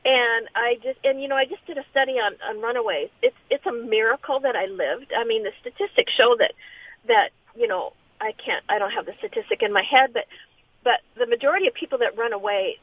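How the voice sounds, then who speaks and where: A woman's voice: a little high, expressive. Earnest woman telling her story over a phone line. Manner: halting, earnest, many restarts. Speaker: interview guest. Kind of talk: personal testimony in an interview. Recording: tinny phone-line sound.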